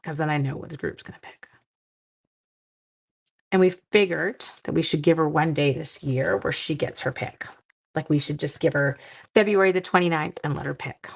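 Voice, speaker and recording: A woman's voice: lowish voice, fairly quick, vocal fry. A middle-aged woman from Canada hosting a card-making livestream, chatting playfully with viewers while she works. She sounds tired. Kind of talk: casual crafting livestream chat.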